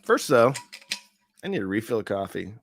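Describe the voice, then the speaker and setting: A man's voice: lowish voice, big pitch swings, normal speed, gravelly, soft background music. A middle-aged man hosting a casual live stream, chatting in a rambling way and reading viewer comments aloud. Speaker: livestream host reviewing audio deals.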